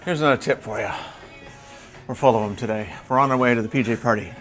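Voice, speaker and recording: A man's voice: mid-range voice, fast talker, fairly bright tone, faint music behind. A man vlogging aboard a cruise ship, chatty and upbeat, talking straight to viewers as folks. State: out of breath. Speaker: travel vlogger. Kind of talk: casual vlog chat.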